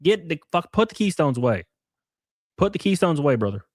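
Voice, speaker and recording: Brief: male live-stream host, higher voice, very animated, sarcastic and profane, dry close mic. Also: fairly quick, no echo. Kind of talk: casual live stream commentary.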